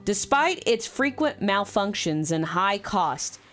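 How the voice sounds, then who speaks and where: A woman hosting a movie review vlog, chatty and animated with casual fillers. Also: medium pitch, takes it slowly, soft background music.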